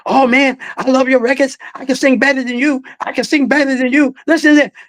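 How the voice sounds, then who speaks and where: A man's voice: very high voice, flat delivery, fairly quick, a bit bright, pitched above the performer's own voice. An older man doing an impression of a young boxing champion who is eager and boyish and repeats himself like a kid. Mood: eager, bragging.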